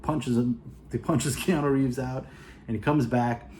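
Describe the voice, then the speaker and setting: A man's voice: medium pitch, steady tone, dark tone, slight background noise. A man casually retelling a movie plot for his video review, rambling with lots of "you know" and "uh" and acting out the characters' lines. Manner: acts out the characters' lines in quick asides.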